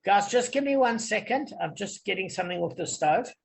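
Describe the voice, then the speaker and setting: A man's voice: high voice, animated, fairly quick, vocal fry. A man from Africa, leading an online Talmud study group and explaining patiently, often checking that everyone follows. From South Africa.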